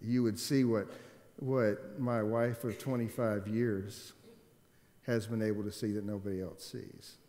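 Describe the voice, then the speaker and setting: A man in his forties, a pastor preaching a sermon in a church, telling stories and swinging between loud emphatic stretches and quiet, subdued ones. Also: lowish voice, level tone, measured pace. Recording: long hall reverb.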